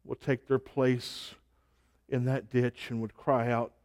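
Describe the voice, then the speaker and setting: A man delivers a sermon at an unhurried pace, his voice sitting in an ordinary middle register. He builds his points through repeated phrases and lets the close of each line drop away softly. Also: mid-range voice, level tone. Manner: slow, rhythmic preaching with repeated phrases and soft trailing endings. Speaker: pastor. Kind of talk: sermon and closing prayer.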